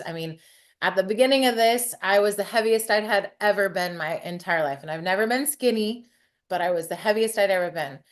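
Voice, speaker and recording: A woman in her forties, a hairstylist telling her personal story in an interview, frank and chatty with some casual swearing. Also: mid-range voice.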